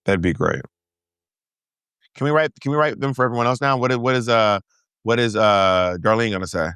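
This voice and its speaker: A middle-aged man co-hosting a loose recap chat, joking and doubling back on his words. His voice is mid-pitched and sits close and dry on the mic. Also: a little fast, a bit bright, smooth, no echo. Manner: joking, trailing restarts, mock quotes in high voice. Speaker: podcast co-host.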